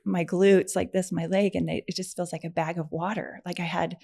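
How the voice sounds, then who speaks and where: A middle-aged woman, a podcast guest, telling a personal story in a chatty, animated way, with many fillers and frequent laughs. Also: on the low side, fairly quick, creaky. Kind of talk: conversational storytelling.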